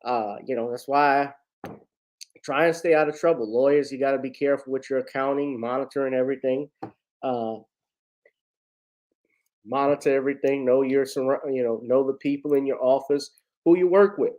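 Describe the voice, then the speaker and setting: A man's voice: medium pitch, fairly even intonation, normal speed, pauses often, a little mellow, rough recording. A man vlogging casual commentary, talking in a rambling way to his viewers as family.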